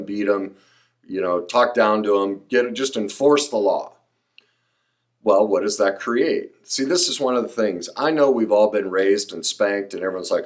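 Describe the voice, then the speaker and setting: A middle-aged man hosting a podcast, talking emphatically and passionately, sometimes sounding preachy. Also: mid-range voice. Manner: emphatic, preachy, rising to excited outbursts. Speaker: podcast host. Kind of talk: passionate solo podcast monologue.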